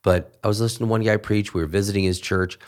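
A man who is a pastor, talking through a podcast conversation in an emphatic way and jumping up in pitch when he quotes people. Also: quick pace. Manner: emphatic, animated when quoting others.

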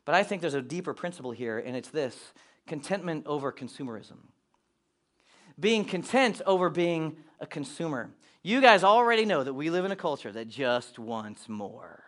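A man preaching a sermon as pastor, animated and storytelling. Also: on the high side, moderate pace. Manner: animated, storytelling with acted-out asides.

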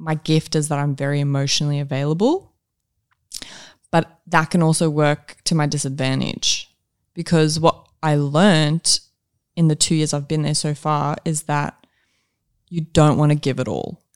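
A woman's voice: low voice, fairly even intonation, moderate pace, darkish tone, clear, resonant tone. A young woman from Africa, an actress chatting candidly as a podcast guest and thinking aloud with fillers. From South Africa. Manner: reflective, candid, talks through thoughts with fillers. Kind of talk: casual interview chat.

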